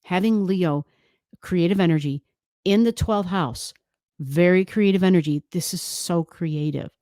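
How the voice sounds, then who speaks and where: A woman's voice: fairly low pitch, unhurried, warm tone, dry recording, studio quality. A woman astrologer giving a chatty, emphatic forecast, often adding "right?" as she goes.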